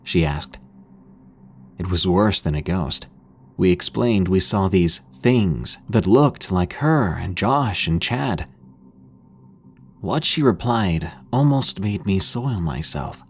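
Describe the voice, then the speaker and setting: A man narrating scary stories in a steady, measured way as the show's host. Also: sits low. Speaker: horror story narrator. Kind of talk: scripted narration of horror stories.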